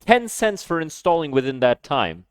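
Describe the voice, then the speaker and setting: A man reacting live as a streamer, casual and heated, swearing and breaking into loud sudden outbursts. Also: on the high side, very animated, normal speed, smooth, dry recording, studio quality.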